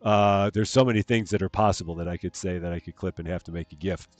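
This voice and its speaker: A man's voice: low-pitched, fairly even intonation, fast, a little mellow, no room sound, soft background music. A man casually chatting with viewers while he plays a farming game on a live stream, greeting people and laughing at his own jokes.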